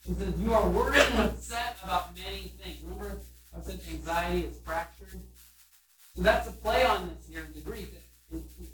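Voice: mid-range voice, fairly bright tone, a little hiss or hum. A pastor preaching in a loose, conversational way, often restarting and saying "you know.". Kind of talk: sermon. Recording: roomy room from a distant mic.

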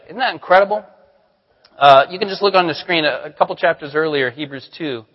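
A man's voice: on the high side, a little fast, big-room sound, dull audio. A male pastor giving a sermon, telling candid stories about himself with self-deprecating humor. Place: church sanctuary.

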